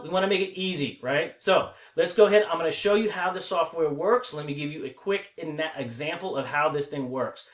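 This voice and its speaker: A man giving a casual screen-share tutorial as an online marketing coach, energetic and often checking in with "right?" and "okay?". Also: a little high, echoey room.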